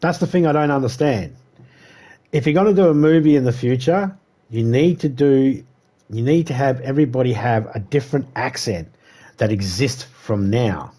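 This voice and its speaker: A man's voice: medium pitch, normal speed, mellow. A man live-streaming a survival game, rambling and cursing casually as he talks to viewers. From United States. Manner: rambling, profane, chatty monologue.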